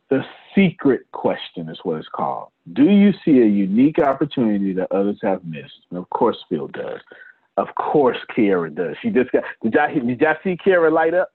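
A man leading a business coaching session on a video call. He talks in an animated way and addresses attendees by name. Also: on the high side, no echo. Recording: tinny phone-like call audio.

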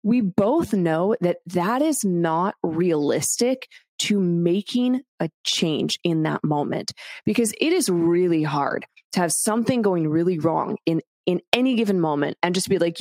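A woman's voice: on the low side, expressive, measured pace, a little mellow, no room sound, studio quality. A woman hosting a solo podcast, talking bluntly and candidly to the listener with casual swearing. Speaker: podcast host.

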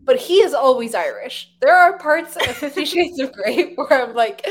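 Chatty young woman, high voice. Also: normal speed. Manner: chatty, lots of fillers, animated asides. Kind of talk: casual chat.

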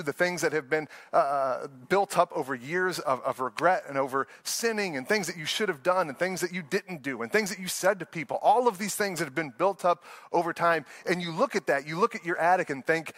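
A man's voice: fairly high pitch, fairly bright tone, dry recording. A man preaching an earnest, conversational sermon, often laughing and restarting his sentences. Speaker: pastor.

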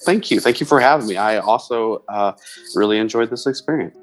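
A man's voice: on the low side, a little fast, faint music behind, rough recording. Playful man guesting on a podcast. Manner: playful, laughs easily, hesitant guesses. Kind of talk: casual chat.

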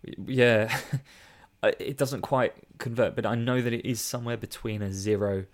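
A man's voice: medium pitch, steady tone, moderate pace. A man, co-hosting a casual film review podcast, reading reviews aloud with mock emphasis and laughing often. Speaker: podcast co-host.

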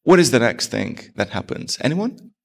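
A man's voice: mid-range voice, big pitch swings, normal speed, vocal fry. A man preaching a sermon as pastor, asking his congregation rhetorical questions.

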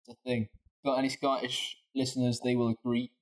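Guy at a game table bragging and cracking deadpan jokes, mid-pitched plain voice. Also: brisk. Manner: boastful, joking, deadpan. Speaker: player. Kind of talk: casual banter at a game table.

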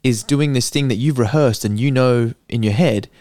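A man's voice: mid-range voice, moderate pace, darkish tone, no room sound. Eager young man, close and dry. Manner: enthusiastic, earnest, restarts often. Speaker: guest comedian. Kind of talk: casual podcast chat.

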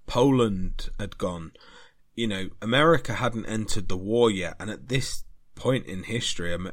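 A man hosting a history podcast, talking in an earnest, rambling way that grows more animated. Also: lowish voice. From Britain. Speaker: podcast host.

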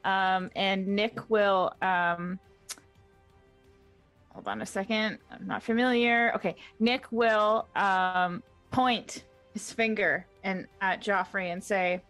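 A woman's voice: medium pitch, steady tone, slow, fairly bright tone, faint music behind. A woman playing a tabletop game, flustered and apologetic, filling her turn with ums. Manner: flustered, apologetic, many fillers. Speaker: player.

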